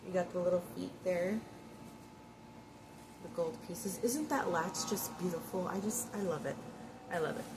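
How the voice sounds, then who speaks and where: A woman with a lowish voice chats casually at home, rambling through fillers and repeated phrases as she gushes over things she loves. A steady noisy hiss sits behind her. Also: moderate pace, pauses often. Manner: gushing, admiring. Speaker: vlogger. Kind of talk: casual chat. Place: home, near closet. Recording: noisy background.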